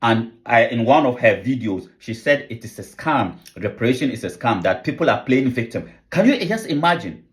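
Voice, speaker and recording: This man, raised in Africa, delivers opinion commentary with real fervor. His voice sits at a middle pitch, and he keeps circling back with rhetorical questions and repeated phrases. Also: normal speed, hardly any pauses. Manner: fervent, with rhetorical questions and repetition. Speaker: online commentator.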